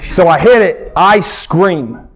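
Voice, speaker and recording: Stand-up comic, US man, high voice with big swings, acts out scenes. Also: slow pace, a crowd in the background. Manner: animated storytelling, acts out characters, shouts punchlines. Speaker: stand-up comedian. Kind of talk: stand-up comedy.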